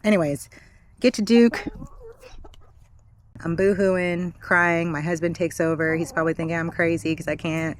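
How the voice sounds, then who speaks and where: A woman in her thirties telling a personal story in a candid, chatty way, with frequent fillers and soft laughs. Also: fairly low pitch, fairly even intonation, normal speed, pauses often. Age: 30s. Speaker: vlogger. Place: backyard with chickens.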